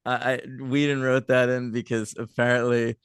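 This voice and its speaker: A man's voice: mid-range voice, flat delivery, moderate pace, clean tone, no echo, studio quality. A man co-hosting a casual film podcast, enthusiastic about the episode and laughing often. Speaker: podcast co-host.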